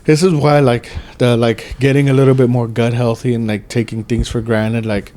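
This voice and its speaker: A man's voice: mid-range voice, level tone, moderate pace, mellow. A man in his thirties hosting a podcast, talking in a rambling, casual way with lots of swearing and filler words. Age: 30s. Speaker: podcast host. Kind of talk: casual chat.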